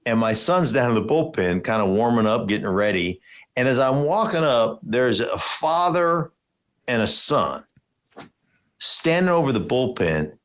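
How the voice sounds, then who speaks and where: A middle-aged man hosting a casual sports podcast, telling stories animatedly and acting out other people's voices. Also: measured pace. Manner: animated storyteller, acts out voices in big jumps of pitch. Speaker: podcast host, former football player.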